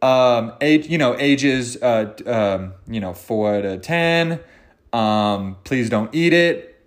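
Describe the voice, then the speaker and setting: Speaking at a slow pace with lively intonation and medium pitch, a man hosts his own podcast, wandering off the cuff through jokes, profanity and self-deprecating remarks in a solo, unscripted ramble.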